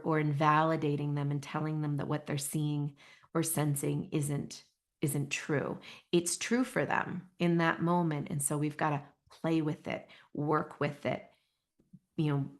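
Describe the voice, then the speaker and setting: Woman, middle-aged, podcast host, gentle, earnest, slightly low pitch. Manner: gentle, earnest, many restarts. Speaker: podcast host, intuition teacher. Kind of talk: podcast talk.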